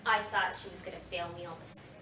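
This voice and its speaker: A woman's voice: lowish voice, fairly even intonation, fast talker. A woman guest voice actor chatting and laughing through a casual convention Q&A. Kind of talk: casual panel Q&A answers. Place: convention panel room. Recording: echoey room, distant mic, background noise.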